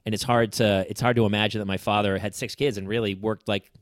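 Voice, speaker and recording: A middle-aged man hosting a casual chat, telling family stories and acting out quotes loudly. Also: fairly low pitch, fast talker, dry recording, clean studio sound. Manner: animated storyteller, acts out quotes loudly. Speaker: podcast host.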